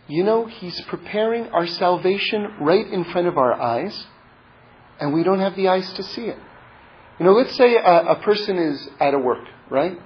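A man giving a spoken religious teaching built around a personal story, halting and repeating words, growing more intense toward his point. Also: high voice, slightly rough. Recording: dull lo-fi recording.

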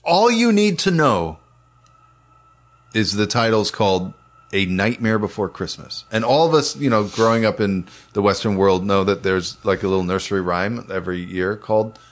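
Profane, rambling low-voiced man. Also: lively intonation, moderate pace. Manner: profane, enthusiastic, rambling with restarts. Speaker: animation producer, podcast co-host. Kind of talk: casual chat.

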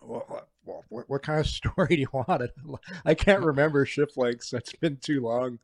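Retired male hockey player, mid pitch, dry close sound, relaxed, halting storyteller. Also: no room sound. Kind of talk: casual chat.

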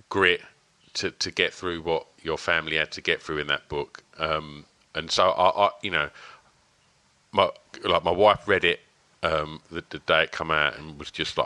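A man hosts a podcast with a very low voice that still sounds bright and crisp. The sound is dry and close. He talks casually, halting and restarting his sentences. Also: steady tone, dry recording. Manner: halting, many fillers and restarts, casual swearing. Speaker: podcast host. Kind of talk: casual interview chat.

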